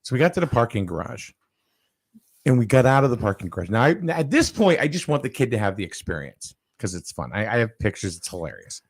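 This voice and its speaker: A man's voice: mid-range voice, very animated, fast talker, husky, no room sound. A man hosting a casual chat, telling a long story with lots of fillers and restarts. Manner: rambling, with many fillers and restarts.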